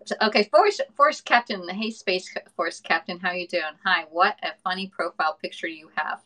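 A middle-aged woman from the northern United States hosting a cooking livestream, chatting fast, laughing often and reading viewer comments aloud. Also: on the low side, a bit bright, low-quality recording. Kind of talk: casual livestream chat.

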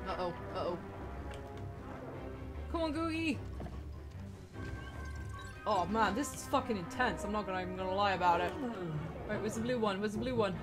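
Woman, gamer, casual play commentary, very animated pitch, swearing, shrieks, game music behind. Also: moderate pace, pauses often.

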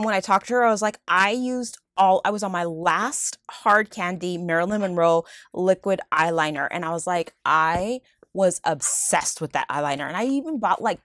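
Woman vlogger, mid pitch, very lively swoops, gushing unboxing chat, dry close sound. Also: no echo. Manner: gushing, excitable, thankful. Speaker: vlogger unboxing friend mail. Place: at home with her dogs.

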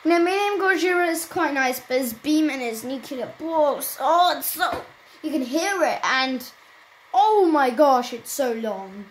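High-voiced excitable woman gaming. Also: measured pace, slight background noise, low-quality recording. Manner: excitable, chatty, talks to viewers. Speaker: gaming channel host. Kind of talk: casual gameplay commentary.

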